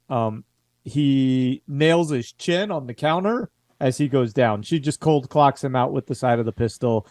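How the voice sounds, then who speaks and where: A man running a tabletop game as game master, describing the action in a measured way. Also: mid-range voice, a little mellow, no echo, clean studio sound.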